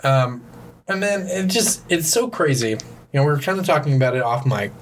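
A man's voice: fairly high pitch, animated, brisk, slight background noise. A man chatting casually about movies on a podcast, with a heavy use of "like" in his sentences. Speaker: podcast co-host.

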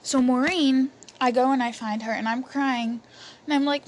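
A woman's voice: sits high, fairly even intonation, moderate pace. Chatty young woman telling a story. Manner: chatty, many fillers and restarts. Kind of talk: casual storytelling. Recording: faint background noise.

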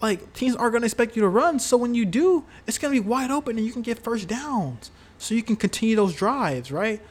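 Guy with a pretty high voice venting about his team, cursing, lots of "like" and "right?". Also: lively intonation, brisk. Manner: heated, profane, rambling with many fillers. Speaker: sports fan commentator. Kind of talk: casual solo sports talk.

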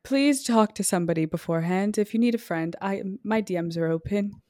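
A young woman in her twenties co-hosting a podcast, chatting casually and telling animated stories full of "like". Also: medium pitch, brisk. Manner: chatty storyteller, animated, heavy on 'like'. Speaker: podcast co-host. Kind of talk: casual chat.

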